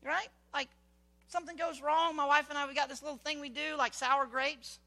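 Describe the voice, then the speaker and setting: A man preaching with a high, bright, tense voice. He talks to the congregation in a casual way and keeps asking rhetorical questions. He swings between quiet, intimate talk and loud, fervent exhortation. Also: steady tone, normal speed. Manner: conversational, full of rhetorical questions. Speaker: pastor. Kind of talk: sermon.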